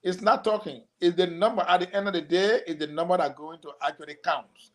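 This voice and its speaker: Man, campaign guest, higher voice, listing points, filler-heavy. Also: steady tone, a little fast. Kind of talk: talk show interview.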